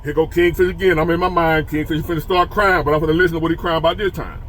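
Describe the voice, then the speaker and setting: A man's voice: on the high side, steady tone, quick pace, a bit bright, slight background noise. A man telling a childhood story and turning it into preachy life advice for men, repeating phrases for emphasis. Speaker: motivational storyteller.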